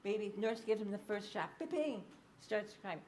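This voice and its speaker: A woman giving a public lecture as a researcher, explaining findings in a lively storytelling way, with frequent ums and uhs. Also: mid-range voice, normal speed, a little hiss or hum. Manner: lively anecdotal storytelling, acting out quoted speech.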